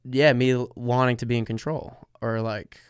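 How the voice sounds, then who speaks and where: A man's voice: mid-range voice, steady tone, moderate pace, clean tone, no echo, studio quality. A man co-hosting a podcast in casual chat, hesitant and agreeable, with lots of fillers. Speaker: podcast co-host.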